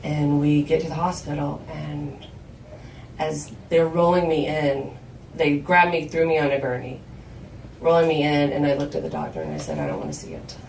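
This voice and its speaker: A woman from South Georgia tells a personal story to a live room in a low, gravelly voice. Her delivery is candid and conversational, and she acts out quoted lines in a higher voice. The sound is roomy and distant, with faint ambience behind her. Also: moderate pace, a little mellow, slight background noise. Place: live storytelling show venue.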